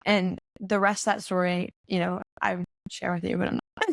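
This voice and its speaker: A young woman in her twenties talks as a podcast guest, with a gravelly, creaky edge to her voice. She tells her story in a loose, chatty way, peppered with "like" and acting out her own quotes. The sound is close and dry, with no room around it. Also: mid-range voice, little pitch movement, normal speed, no echo. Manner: chatty, full of "like" and reenacted quotes. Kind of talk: casual storytelling conversation. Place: in-person podcast studio.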